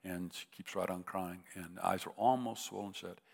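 A man of about seventy, a preacher telling a personal story, halting and restarting, rising into emotional peaks. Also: low-pitched, fairly even intonation, vocal fry, husky. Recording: long reverb of a large hall.

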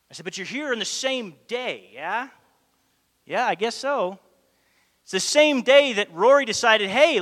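High bright-voiced preacher in a reverberant hall. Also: male voice. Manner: animated, acts out quoted dialogue. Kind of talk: sermon storytelling.

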